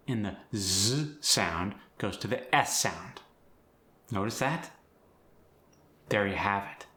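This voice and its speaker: A man's voice: fairly low pitch, pushed and bright, roomy sound. A man coaching accents, explaining and demonstrating sounds by contrasting word pairs. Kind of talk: accent tutorial.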